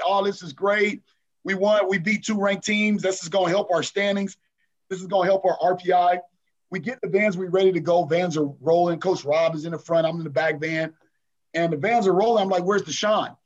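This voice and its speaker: Animated man retelling a coaching story. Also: a little high, muffled recording. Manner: animated retelling, acts out players' voices, frequent "man". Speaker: basketball coach, guest. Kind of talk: interview storytelling.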